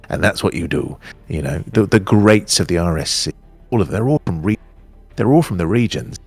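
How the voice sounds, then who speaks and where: A man in his thirties with an English RP accent, chatting candidly as an interview guest, animated and full of restarts. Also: low voice, fairly quick, breathy edge, dry recording, faint music behind. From England. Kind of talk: casual chat.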